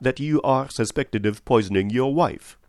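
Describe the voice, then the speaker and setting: A man's voice: mid-range voice, moderate pace, darkish tone, dry recording, studio quality, voice pushed up, close to an everyday voice. A man putting on Hercule Poirot, raised and theatrical. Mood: pointed. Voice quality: formal, stagey delivery. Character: precise, theatrical older male detective.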